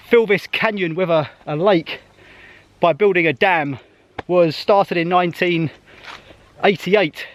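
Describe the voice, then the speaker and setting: A man walking outdoors on a mountain trail, chatting casually to a handheld camera as he vlogs his trip, a little out of breath. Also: sits high. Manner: chatty, thinking aloud while walking. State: slightly out of breath on a hike. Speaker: travel vlogger. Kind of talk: casual travel vlog narration.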